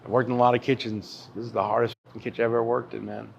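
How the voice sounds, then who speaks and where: A man in his thirties, a barbecue restaurant chef-owner, telling his story in a casual interview, animated and swearing freely, calling the listener dude and brother. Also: mid-range voice, racing, gravelly, highs cut off, a little hiss or hum.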